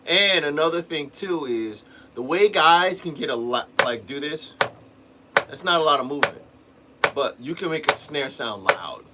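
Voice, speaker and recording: His voice sits on the high side and moves with lively intonation at a moderate pace, while the recording is very noisy. Hosting a livestream, the man gives casual drumming lessons in a rambling way, restarting thoughts and dropping in "man" and "you know."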